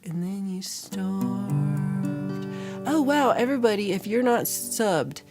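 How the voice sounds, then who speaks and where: Casual stream host, woman, medium pitch, teasing, easy and slow, music in the background. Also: a little mellow. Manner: playful, teasing, drawn-out delivery. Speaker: livestream host. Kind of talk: casual chat with live viewers. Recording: music playing behind.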